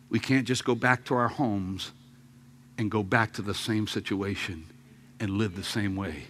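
A male pastor preaching from the pulpit with a bright, forward voice. He tells an anecdote full of jokes, sinking to hushed lines and then bursting out loud. A faint hum sits under the sound. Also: on the low side, measured pace. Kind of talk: sermon. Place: church sanctuary.

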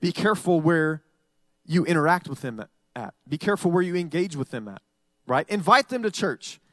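Man, pastor, high voice, dry close sound, conversational sermon, acts out listeners' lines. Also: big pitch swings, normal speed, fairly bright tone, no room sound. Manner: conversational preaching, acting out congregants' voices.

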